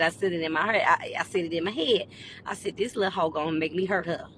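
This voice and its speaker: A woman who works as a school behavior interventionist rants to camera, blunt, profane, and emphatic, building to near-shouting. Her voice is medium-pitched, with slight background noise.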